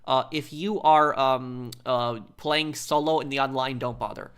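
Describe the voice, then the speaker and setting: A man's voice: mid-range voice, steady tone, a little slow, fairly bright tone, clean tone. A man who hosts a live stream from the United States, reading viewer comments aloud and answering them in a rambling, opinionated way while he plays.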